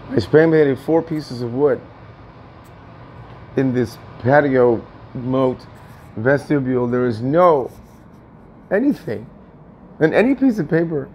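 A man's voice: medium pitch, a little mellow, slight background noise. A man venting in a personal vlog from his apartment, aggrieved and repetitive, often swearing. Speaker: tenant vlogger. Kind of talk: agitated personal vlog rant.

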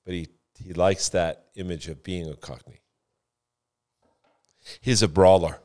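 Guy with a lowish voice on a podcast, teasing and telling stories. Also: measured pace. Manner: teasing, storytelling, animated explanations. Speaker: podcast guest, car business veteran. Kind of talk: casual podcast chat.

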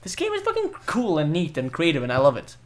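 A young man casually commentating a co-op platform game, excitable, cursing often and bursting into loud laughter. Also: on the high side, fast talker. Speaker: gaming video host. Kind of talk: casual let's-play commentary.

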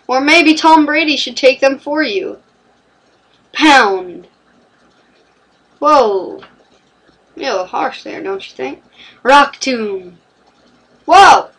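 A woman's voice: on the high side, slow, pauses often, a bit bright, far from the mic. A woman giving playful, chatty gameplay commentary and talking to the game characters. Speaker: let's play commentator.

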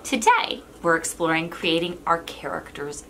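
A woman teaching an online drama lesson for kids, talking in a playful, demonstrative way and sliding between high and low to show what a voice can do. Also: expressive, moderate pace, bright, forceful tone, a little hiss or hum.

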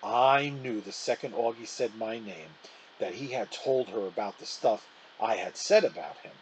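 A man reading a children's novel aloud in an animated storytelling manner. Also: lowish voice, moderate pace, a little hiss or hum, low-quality recording.

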